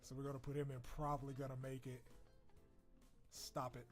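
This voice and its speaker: Over video game music, a young man streams in a medium-pitched voice that's a little fast and fairly flat in pitch. Reacting to a character wishlist, he chats casually, swearing, joking and laughing.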